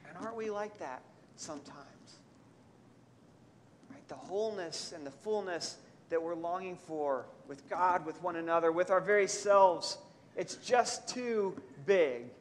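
A man preaching a sermon, talking conversationally and asking his congregation rhetorical questions, dropping soft for reflection and rising for emphasis. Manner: storytelling, swings between soft reflective lows and lifted, emphatic highs. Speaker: pastor. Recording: long hall reverb, faint room noise.

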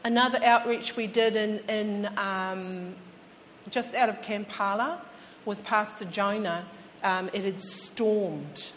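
A woman's voice: mid-range voice, fairly even intonation, slow, a bit bright. A woman preaching a sermon in a chatty storytelling way, speaking straight to her listeners. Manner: chatty, addresses listeners directly. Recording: long hall reverb, faint background hum.

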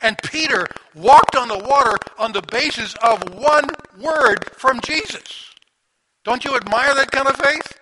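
Guy giving a sermon, pretty high voice, chatty storytelling, lots of questions to the crowd, some noise behind. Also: a little slow. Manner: conversational, animated storytelling with rhetorical questions. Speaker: preacher. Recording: audible background noise.

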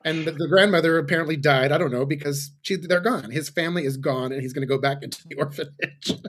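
A man's voice: a little high, fast, a bit bright, slightly rough. A man co-hosting a podcast, chatting casually in a wry, teasing way. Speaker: podcast co-host. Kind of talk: casual recap chat.

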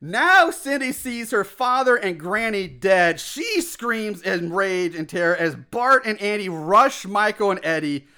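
A man casually recapping a film plot as a podcast host, animated, acting out shouted lines and laughing often. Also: sits high, measured pace, hardly any pauses, clean tone. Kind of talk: casual chat.

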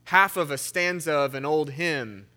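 A man's voice: a little high, unhurried, pushed and bright. A young man preaching in a church sanctuary, reading scripture with shifting emphasis and then telling a story in a conversational way. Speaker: pastor. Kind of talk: sermon.

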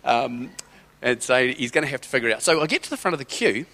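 A man's voice: medium pitch, fast, sharp tone. A middle-aged man giving a sermon as a personal story, conversational and rambling, with hesitant restarts. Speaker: church speaker.

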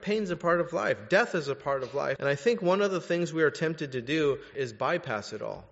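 A young adult man preaching in a big hall, his voice ringing out with a long reverb behind it. He moves from candid, animated stories to direct exhortation. His pitch sits on the higher side, and the recording is muffled and lo-fi. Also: brisk, gravelly. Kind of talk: sermon.

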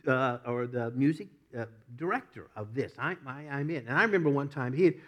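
A middle-aged man preaching a sermon, telling a personal story with lots of laughs, often repeating himself and rising from quiet asides to loud emphatic peaks. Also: mid-range voice, lively intonation, fairly quick. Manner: repeats and restarts words. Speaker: pastor.

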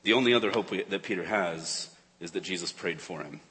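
A lower-voiced man preaches to his congregation, earnest and searching. He builds to urgent emphasis, then drops almost to a hush. His voice rings with the long reverb of a large church hall. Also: a little fast. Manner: earnest, rises and falls between urgent and hushed. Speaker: pastor. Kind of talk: sermon. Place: church sanctuary.

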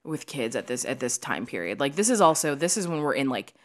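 A woman co-hosting a podcast, chatting casually about a movie, animated and swearing, with lots of "like" fillers. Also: a bass voice, a little fast. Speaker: podcast co-host. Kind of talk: casual chat reviewing a movie.

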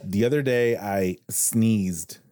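A man in his forties hosting a podcast, telling relaxed stories and chuckling at himself. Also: fairly low pitch, slow. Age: 40s. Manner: easygoing storyteller, chuckles at himself. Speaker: podcast host. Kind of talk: casual chat.

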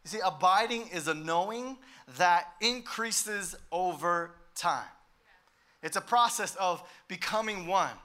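A male pastor preaching a sermon in an emphatic way, with sudden swells in loudness. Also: high-pitched, slow.

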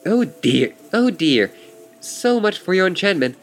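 A man's voice: high-pitched, very animated, a little slow, voice pushed up, full character voice. A man voicing a smug male chess player who taunts his opponent in a theatrical, condescending manner.

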